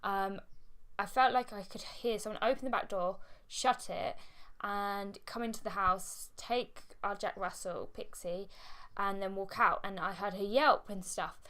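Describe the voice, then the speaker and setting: A young woman telling a personal story to camera in a candid, halting way. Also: mid-range voice, fairly bright tone. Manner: candid, halting, with fillers and frequent laughs. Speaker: vlogger.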